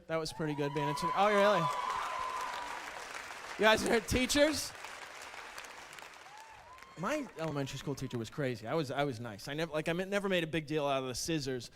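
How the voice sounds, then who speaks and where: A man on a comedy club stage tells wry, self-mocking stories in a notably high voice, often stumbling before he lands a line. A faint audience murmur and light noise sit behind him. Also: animated, rapid-fire, few pauses, crowd noise. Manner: wry self-mocking storytelling with stammered starts. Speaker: stand-up comedian. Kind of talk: stand-up routine.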